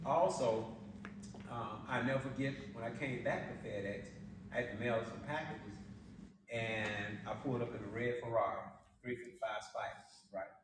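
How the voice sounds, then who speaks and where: A man's voice: mid-range voice, normal speed. Guy hyping up a room, storytelling and laughing, mic far off, noisy echoey hall. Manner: animated storytelling, laughing often, colloquial. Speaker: business opportunity presenter. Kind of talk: motivational sales presentation. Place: event hall.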